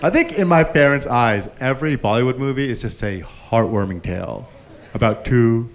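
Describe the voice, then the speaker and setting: A man's voice: mid-range voice, normal speed. A man performing a live stand-up comedy set, telling stories and acting out the people in them. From grew up Indian. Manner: animated storytelling, acting out characters. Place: live comedy stage with audience. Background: audience laughter.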